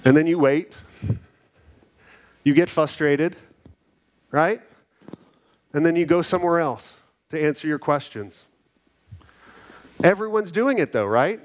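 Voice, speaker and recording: Energetic man giving a conference keynote. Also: a little high, a little slow, long pauses. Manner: energetic, animated storytelling with frequent "right?" tags. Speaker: conference speaker. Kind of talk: keynote talk to a live audience. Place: conference hall.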